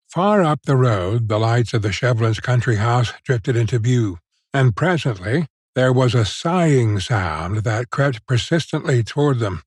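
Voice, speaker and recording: A man narrates a classic short story as an audiobook. His voice sits at a middle pitch, and his delivery is measured and expressive. The recording is dry and close. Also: slightly rough, no room sound.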